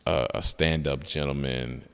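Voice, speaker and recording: A young man chatting casually on a podcast as a guest, telling an animated story and acting out the voices of the people in it. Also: a bass voice, a little slow, creaky, smooth. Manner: animated storyteller who acts out quoted voices.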